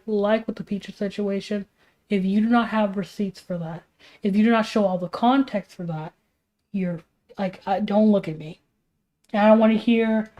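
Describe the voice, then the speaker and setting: A woman's voice: medium pitch, warm tone. Young woman streaming while drawing, tired and annoyed, rambly rhetorical questions. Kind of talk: casual commentary while drawing.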